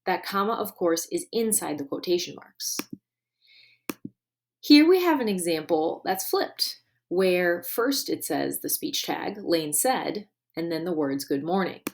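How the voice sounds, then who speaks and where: Brief: woman teacher, deliberate recorded grammar lesson, faint hiss behind. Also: fairly low pitch, expressive. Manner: clear and deliberate, stressing key words.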